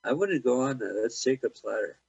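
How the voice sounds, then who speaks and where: A man's voice: mid-range voice, lively intonation, creaky, darkish tone, slightly rough, dry recording. A man co-hosting an internet radio show, cracking jokes about a movie. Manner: wisecracking, quick puns. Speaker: podcast co-host. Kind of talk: casual movie riffing. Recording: dry dull lo-fi sound.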